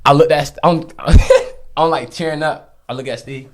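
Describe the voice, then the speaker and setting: A man's voice: on the high side, brisk, over a noisy crowd. A young man, a podcast guest, telling his story casually with slang and frequent laughter. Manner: laughs often, slangy and animated.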